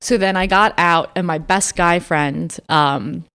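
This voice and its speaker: Young female podcast co-host, slightly low voice, candid and profane, lots of "like". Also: measured pace, a bit bright, clear, resonant tone. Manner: candid storytelling, frequent swearing and laughter, lots of "like". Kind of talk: casual chat.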